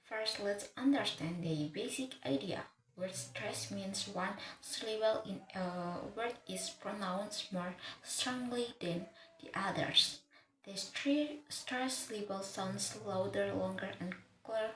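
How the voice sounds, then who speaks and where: Woman, slow-paced, halting explanation, restarting words, teaching a lesson, echoey room. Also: medium pitch. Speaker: English teacher. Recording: echoey room with faint ambient noise.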